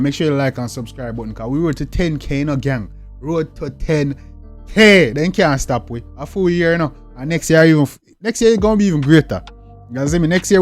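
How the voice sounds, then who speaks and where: A man's voice: on the high side, a little mellow. Hyped Jamaican man hosting reactions. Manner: hyped, slangy, repeats catchphrases. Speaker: reaction channel host. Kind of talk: casual reaction commentary.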